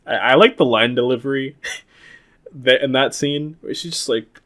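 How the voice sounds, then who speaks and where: A man's voice: mid-range voice, moderate pace, a bit bright. A young man co-hosting a podcast, casually recapping an episode in a rambling, laughing way, swearing and acting out quoted lines. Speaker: podcast co-host.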